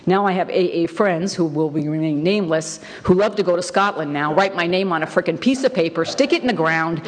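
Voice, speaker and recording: A woman's voice: fairly low pitch, brisk, hardly any pauses, background noise. Frank, rambling woman in a reverberant hall. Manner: rambling and frank, heavy with fillers, swears freely. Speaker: speaker sharing her story at a recovery meeting. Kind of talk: candid personal storytelling.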